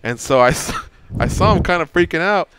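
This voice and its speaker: A man's voice: a little high, fairly quick, noisy background. A middle-aged man hosting a radio show, telling a story casually and acting out the quotes. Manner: animated storyteller, acts out quotes.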